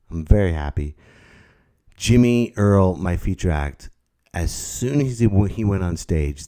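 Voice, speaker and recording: Low-voiced playful comedian hosting a podcast. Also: male voice, darkish tone. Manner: playful, rambling, self-mocking. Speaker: stand-up comedian and podcast host. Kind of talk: casual solo podcast monologue. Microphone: new podcast microphone with popping p sounds.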